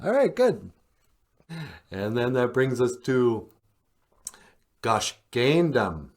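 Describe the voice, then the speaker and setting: Very slow, lively-voiced man teaching words. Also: medium pitch. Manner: encouraging, calls partner sweetie. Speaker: podcast host teaching words. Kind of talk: language lesson, casual.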